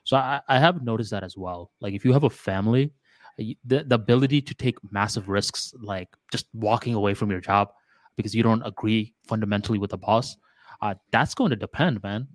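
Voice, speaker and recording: A man's voice: on the low side, fairly quick, no room sound. A man co-hosting a podcast in casual chat, thinking aloud in a loose way with lots of filler words. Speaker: podcast co-host.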